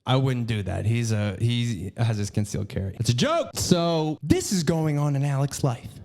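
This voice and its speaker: A man's voice: medium pitch, sing-song, normal speed, darkish tone. A young man ranting profanely and scatteredly as a podcast host. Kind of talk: casual ranting commentary.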